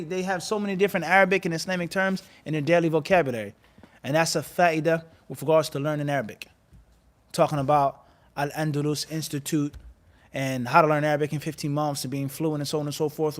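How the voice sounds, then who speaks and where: A man giving an animated religious lecture and firing rhetorical questions at his listeners. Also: fairly high pitch, a little fast. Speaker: Islamic teacher.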